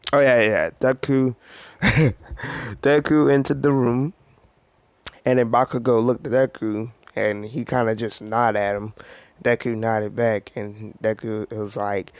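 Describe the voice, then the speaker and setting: A man's voice: lowish voice, no room sound. A man casually telling a made-up story, rambling with lots of fillers. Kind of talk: casual fan-fiction storytelling.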